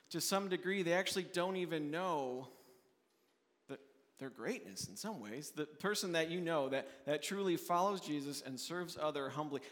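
A man preaches an earnest midweek sermon, talking it through plainly and often restarting his phrases. His voice sits on the higher side, and long reverb from the church hall trails after each line. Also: fairly bright tone. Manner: earnest, restarts often, voices quoted questioners in a raised pitch. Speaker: pastor.

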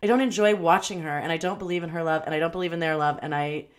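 A woman co-hosting a podcast, chatting casually about a movie, rambling and laughing as she acts out lines. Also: fairly low pitch. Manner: chatty, rambling, quick to laugh and act out quotes. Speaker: podcast co-host. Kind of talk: casual movie review chat.

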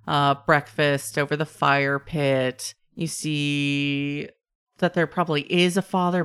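A woman with a lowish voice narrates a tabletop scene as game master. She talks loosely, with a lot of fillers. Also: fairly bright tone, smooth. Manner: casual, filler-heavy narration.

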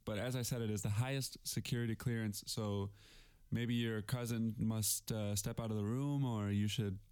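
Jittery junior officer, as a man plays him, smooth voice, stammering apologies, improv comedy. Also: on the low side, fairly even intonation, moderate pace, a little mellow, lightly acted. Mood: nervous. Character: nervous male subordinate officer.

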